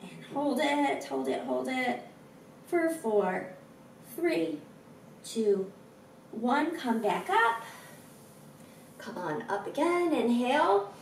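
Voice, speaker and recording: A woman's voice: high voice, big pitch swings, slow pace, creaky, pauses often, reverberant, recorded from a distance, a little hiss or hum, poor audio. Chatty woman with a froggy throat. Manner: chatty, encouraging, rambles between cues. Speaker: fitness instructor. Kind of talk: guided stretching with chatty asides.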